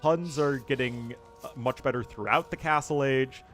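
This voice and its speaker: A man's voice: medium pitch, normal speed, fairly bright tone. An American man casts a live strategy game in a loose, chatty way, laughing easily as he answers chat. His voice sits in a middle range. Faint music plays behind him. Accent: General American. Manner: casual, chatty, laughs often. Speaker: caster.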